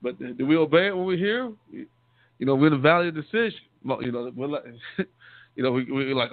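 A deacon preaches at a brisk clip in a fairly high voice, sounding conversational and often going back to repeat or restart words. He addresses the listeners as saints, and the audio is dry and tinny like a phone call, without echo.

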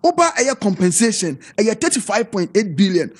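A man's voice: sits high, lively intonation, normal speed, few pauses, slightly rough. A man with a Ghanaian accent arguing hard on a political panel, mixing English with Twi in an emphatic, insistent way. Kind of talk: heated political panel debate.

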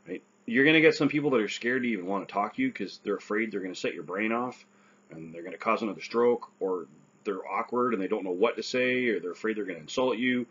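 A man's voice: lowish voice, a bit bright, breathy edge, highs cut off. A man who survived a stroke gives earnest, casual advice, often checking in with "right?".

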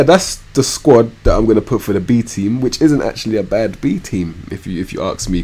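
A man's voice: fairly low pitch, husky. Slangy young man streaming a game. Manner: slangy, animated, swings from mumbled asides to loud outbursts. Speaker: gaming streamer. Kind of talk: live gameplay commentary.

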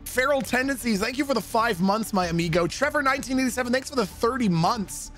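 A male streamer chatting casually with his viewers, excitable and swearing freely. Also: extremely high pitch, fast, faint music behind. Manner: excitable, swearing, laughing often.

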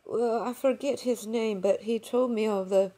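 A woman's voice: a little high, steady tone, moderate pace, dark tone. A woman making a prank phone call, playing a nervous and hesitant caller. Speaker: video creator prank-calling scammers.

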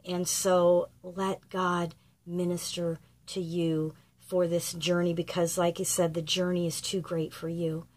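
A woman giving an earnest, gentle devotional message of encouragement to grieving parents, with frequent ums as she retells a scripture story. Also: fairly low pitch, little pitch movement, unhurried. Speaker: grief ministry speaker.

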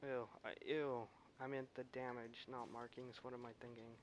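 A man's voice: mid-range voice, little pitch movement, moderate pace, a little hiss or hum. A young man rambling casually and self-deprecatingly while playing a video game at home. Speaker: gamer.

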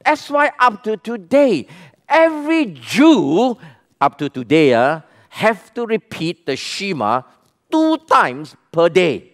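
A man's voice: high voice, very animated, slow pace. A man with a Malaysian English accent preaching a sermon as pastor to a church congregation, emphatic and full of questions to the people. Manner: emphatic, asks questions and calls the congregation to respond.

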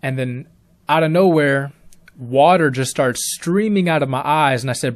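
A man's voice: medium pitch, normal speed. A young man telling his own story in a plain, casual way, with ums along the way. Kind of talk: first-person spoken story.

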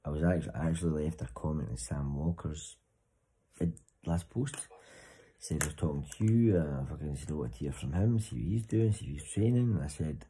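A man's voice: very deep voice, animated, a little fast, warm tone, a little hiss or hum, rough recording. A man vlogging to camera in a rambling, sweary, joking way. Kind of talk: casual chat to camera.

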